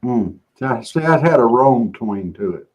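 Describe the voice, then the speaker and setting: A man hosts a casual chat. He talks in an easygoing, folksy drawl and jokes around at a middle pitch. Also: lively intonation, normal speed, a little mellow, low-quality recording. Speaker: show host.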